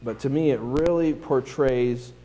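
A man's voice: medium pitch, unhurried, dark tone, poor audio. A male pastor preaching a sermon in a plain-spoken, self-deprecating storytelling manner.

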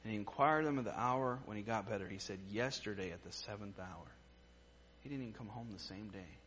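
A man preaching a sermon in an earnest way. His voice goes from emphatic lines to hushed, quiet ones. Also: lowish voice, fast, lo-fi sound, a little hiss or hum.

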